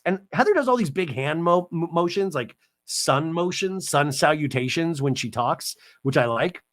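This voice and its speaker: A man hosting a podcast, recapping a reality show with rapid, sarcastic asides. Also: on the high side, animated, no room sound, studio quality. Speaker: podcast host. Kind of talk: comedic TV recap.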